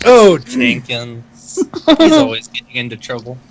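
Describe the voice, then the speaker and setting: Male tabletop player, animated intonation, casual and jokey. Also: fairly high pitch, unhurried, gravelly, very noisy. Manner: chatty, joking.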